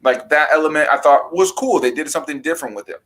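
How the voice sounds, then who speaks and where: A man chatting casually about horror films, rambling and animated, breaking into raised-voice impressions of quotes. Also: a little high, quick pace, low-quality recording. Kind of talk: casual film discussion.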